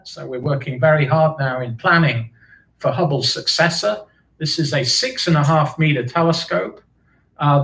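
A man's voice: a little high, fairly bright tone. A man giving an academic astronomy lecture in a conversational, explaining way, recorded from a distance in a lecture hall. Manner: conversational, loosely explaining with asides. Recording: roomy hall, voice from far off.

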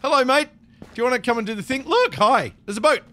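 A man commentating live gameplay, excitable and chattering to the creatures in his game. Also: extremely high pitch, quick pace, slight background noise. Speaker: gaming streamer.

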